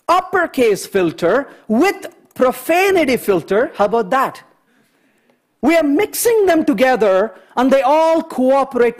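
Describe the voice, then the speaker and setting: A man giving a conference programming talk, chatty and animated, often checking in with the audience. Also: very high voice. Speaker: conference speaker. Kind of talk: technical talk with anecdotes.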